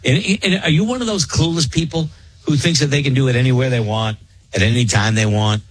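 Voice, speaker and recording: A man hosting a morning radio show, ranting in animated, opinionated banter with his co-hosts. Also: medium pitch, brisk, breathy edge, no room sound.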